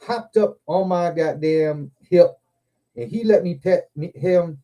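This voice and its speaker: A man with a somewhat high but mellow, dark-toned voice, hosting a casual livestream. He tells long, rambling stories full of swearing, jumping between thoughts and getting animated as he goes. It sounds like relaxed, unscripted chat. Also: slow pace, lo-fi sound. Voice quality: profane, rambling, animated anecdotes. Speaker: livestream host.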